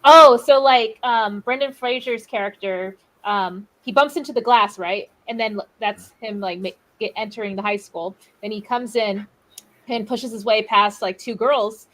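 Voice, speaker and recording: A woman's voice: a little high, moderate pace, a bit bright, low-quality recording. A woman hosting a podcast over a video call, chatting casually with many fillers and laughs. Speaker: podcast host. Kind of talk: casual chat.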